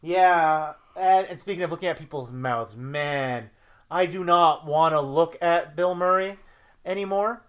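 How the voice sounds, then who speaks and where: A man from Canada co-hosting a podcast in casual chat, excitable and prone to jokey exaggeration. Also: on the high side, a little slow, smooth. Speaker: podcast co-host.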